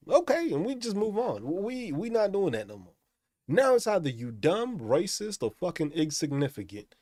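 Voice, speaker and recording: Swearing nonstop and mocking the people he discusses, a male host delivers an angry, profane rant into the mic. His somewhat high, darkish voice has a sing-song quality, swinging widely in pitch at a normal speed. The recording is dry and close with no room echo.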